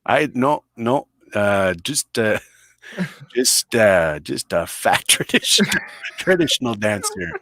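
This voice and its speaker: A man's voice: lowish voice, big pitch swings, takes it slowly, pushed and bright, no echo. Brash, swearing man telling rowdy stories. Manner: boisterous, swears a lot, acts out voices in stories; blunt and self-mocking. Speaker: podcast guest. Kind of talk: crude comic storytelling.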